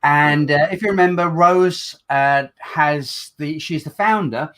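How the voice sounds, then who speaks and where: Upbeat host with a Black Country accent. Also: male voice, fairly high pitch, slow, fairly bright tone. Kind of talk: casual chat.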